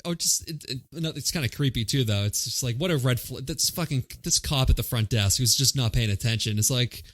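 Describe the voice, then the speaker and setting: A man's voice: medium pitch, a little fast, fairly bright tone. A man co-hosting a movie podcast, talking casually with plenty of swearing and acted-out quotes. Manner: profane, jokey, acts out quotes. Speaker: podcast co-host. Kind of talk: casual movie-review chat.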